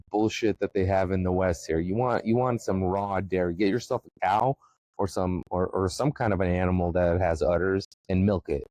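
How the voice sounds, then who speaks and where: A man's voice: no room sound, low-quality recording. Man, from the former Soviet Union, podcast host, profane comedic rant, emphatic, dry close sound. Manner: swearing, emphatic, jumps to high excited pitch.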